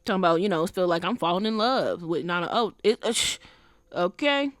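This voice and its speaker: A woman hosting a podcast, talking in an animated, emphatic casual way with rhetorical questions and lots of fillers. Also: fairly low pitch, brisk, no echo, studio quality. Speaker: podcast host. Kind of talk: casual commentary.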